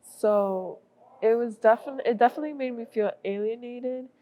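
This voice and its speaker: A young woman student on a panel, speaking hesitantly and softly. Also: a little high, normal speed. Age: young adult. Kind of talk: casual panel discussion. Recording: dull lo-fi sound.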